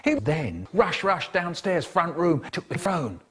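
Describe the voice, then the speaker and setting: A man's voice: a little high, sing-song, a little slow, fairly bright tone, husky. A man telling stories in a playful, theatrical way, with sudden swings in his voice. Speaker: storyteller. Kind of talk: animated storytelling, cut into spliced comedy clips.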